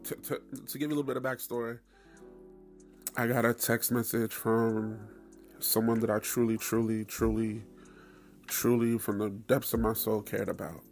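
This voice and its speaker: A man hosting his own podcast, telling a story in a loose, profane, animated way with frequent laughs. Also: fairly low pitch, moderate pace, soft background music. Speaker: podcast host. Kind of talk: casual solo podcast monologue.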